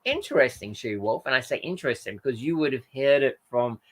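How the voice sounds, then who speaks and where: This man speaks briskly and animatedly, his medium-pitched voice a bit bright, though he sounds tired. Hosting a casual livestream chat, he reads viewer comments and rambles hesitantly with frequent fillers and self-corrections.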